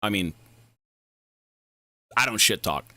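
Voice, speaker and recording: A man's voice: on the low side, takes it slowly, no room sound. Rambling, profane young male streamer. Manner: rambling, profane, animated tangents. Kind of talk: casual livestream chat.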